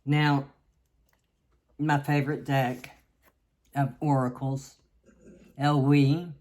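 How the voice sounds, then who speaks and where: A woman from the South, giving a tarot reading in a slow, halting way with many restarts. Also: a bass voice, little pitch movement, a little mellow. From Southern United States. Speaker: tarot reader.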